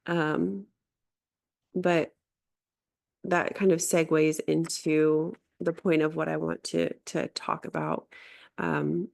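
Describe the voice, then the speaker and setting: A middle-aged woman, a life coach, telling a reflective personal story earnestly, often restarting and pausing. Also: sits low, vocal fry, darkish tone. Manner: earnest, with frequent restarts and pauses.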